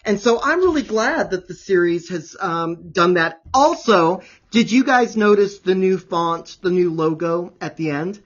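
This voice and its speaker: A man's voice: high voice, lively intonation, measured pace, few pauses, muffled recording. A man hosting a casual chat show, talking with gushing enthusiasm. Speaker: host.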